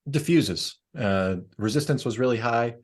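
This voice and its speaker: A man's voice: medium pitch, unhurried. A man who sells insurance, answering a coach's questions plainly and briefly. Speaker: insurance salesman, trainee. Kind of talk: casual answers in a training session.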